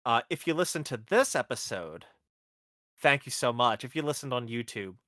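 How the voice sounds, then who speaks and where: A man's voice: medium pitch, expressive, moderate pace, pushed and bright, no room sound, clean studio sound. A man hosting a casual podcast chat, rambling and correcting himself as he goes. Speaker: podcast host.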